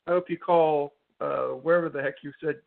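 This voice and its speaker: A gravelly, slightly high-voiced man keeps pressing his point on a call, repeating himself. He sounds distant and tinny through the phone. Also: steady tone, brisk. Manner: insistent, repetitive. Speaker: caller. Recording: tinny phone line from off-mic.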